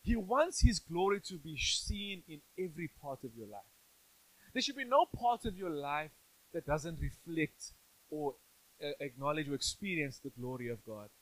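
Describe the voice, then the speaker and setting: A man's voice: fairly high pitch, expressive, moderate pace, fairly bright tone, low-quality recording. Playful pastor preaching to his church. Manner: conversational and playful, asks the congregation questions. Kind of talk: sermon.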